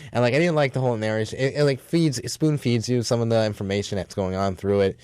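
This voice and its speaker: A man's voice: mid-range voice, fast talker, few pauses, darkish tone, clean tone, no room sound, studio quality. A man co-hosting a radio film review show, rambling with lots of fillers and casual slang.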